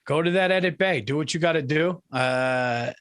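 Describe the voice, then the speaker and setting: Podcast co-host, man with a New York accent, excitable and rambling, notably high voice. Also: normal speed. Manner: excitable, rambling, repeats himself. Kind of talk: casual chat.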